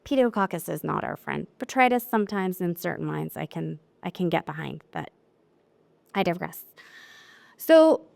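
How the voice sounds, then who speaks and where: A woman presenting a live technical seminar to an audience. She talks in a chatty, lively way and acts out quotes from her clients. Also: lowish voice, normal speed, vocal fry. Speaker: wine lab specialist presenting a seminar.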